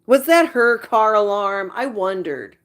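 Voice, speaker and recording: Gossiping casually with her viewers, a livestream host keeps things chatty and drops exasperated asides. Her mid-range voice is very animated and a little slow.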